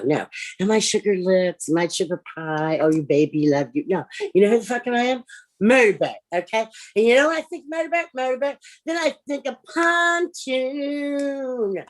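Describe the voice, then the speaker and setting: A woman doing improvised stand-up on a livestream, brash and profane, swinging from loud outbursts to low mutters. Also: expressive, fairly quick. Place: home, over a livestream.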